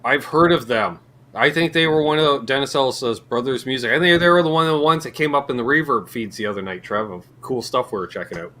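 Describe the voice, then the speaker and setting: A man's voice: medium pitch, fast talker, sharp tone. A man from Canada, co-hosting a casual guitar chat in a joking, rambling way. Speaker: co-host.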